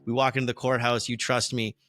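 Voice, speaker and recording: A man explaining rules and narrating as game master, relaxed and hesitant with many fillers. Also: medium pitch, fast, dry recording.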